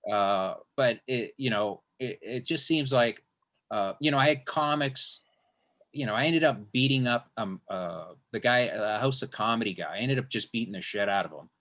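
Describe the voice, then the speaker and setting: A man's voice: medium pitch, normal speed, a bit bright. A man hosting an interview, telling a long casual story as a stand-up comedian, rambling with many restarts and swearing freely.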